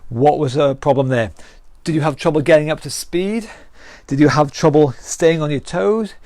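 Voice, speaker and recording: Upbeat British fitness coach, dry close mic. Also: male voice, on the high side, normal speed, darkish tone, no room sound. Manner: upbeat, encouraging counting and cueing. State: out of breath after exercise. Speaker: fitness instructor. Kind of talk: live online workout coaching.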